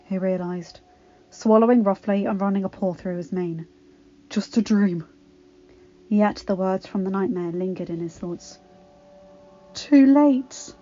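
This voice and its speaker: A woman narrates a story in an expressive, dramatic reading voice of ordinary pitch. The recording sounds a little dull and muffled, like a simple home setup. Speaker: fanfiction reader.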